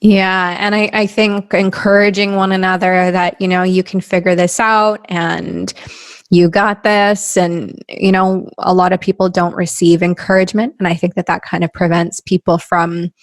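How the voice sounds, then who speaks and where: A woman's voice: lowish voice, little pitch movement, moderate pace, dry recording, studio quality. A woman hosting a podcast, talking in an earnest, encouraging way and laughing easily. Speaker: podcast host. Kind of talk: casual conversational interview.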